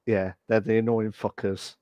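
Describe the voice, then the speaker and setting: A man's voice: fairly low pitch, little pitch movement, normal speed, highs cut off. A man co-hosting a podcast in casual chat, laid-back and swearing casually. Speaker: podcast co-host.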